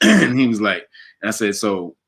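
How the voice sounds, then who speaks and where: Bright-voiced animated male storyteller. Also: lowish voice, brisk, vocal fry, slightly rough. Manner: animated, acts out quotes, laughs often. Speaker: guest. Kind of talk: casual storytelling interview.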